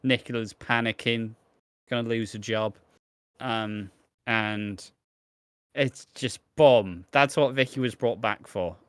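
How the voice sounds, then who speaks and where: A man's voice: medium pitch, steady tone, slow, smooth, no room sound. A man co-hosting a podcast, chatting casually and teasing as he quotes characters from a soap. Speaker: podcast co-host. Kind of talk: casual chat recapping a soap.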